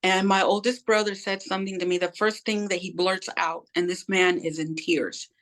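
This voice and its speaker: A woman's voice: medium pitch, steady tone, moderate pace, a bit bright. A middle-aged woman speaking as an interview guest, telling her personal story candidly and acting out the voices of people she quotes in casual, slangy talk.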